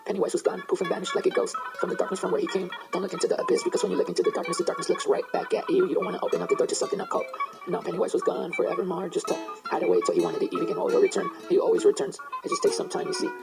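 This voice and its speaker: Fast, rambling man retelling a horror tale. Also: very high-pitched, huge pitch swings. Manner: rambling, digressive, with many fillers and asides. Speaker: storyteller. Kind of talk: casual retelling of a horror story. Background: guitar music.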